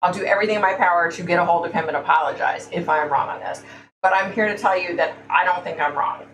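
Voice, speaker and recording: Talking fast in a fairly low voice, this livestream host chats casually and doesn't mince words. She's opinionated and blunt, tosses in "y'all," and her distant mic picks up an echoey room and a faint hum.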